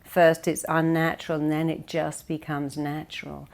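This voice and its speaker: A woman's voice: low-pitched, moderate pace, vocal fry. Emphatic woman giving a keynote. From United Kingdom. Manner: emphatic, acts out quoted people with lively stresses. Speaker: keynote speaker, therapist. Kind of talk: motivational keynote speech. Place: conference stage.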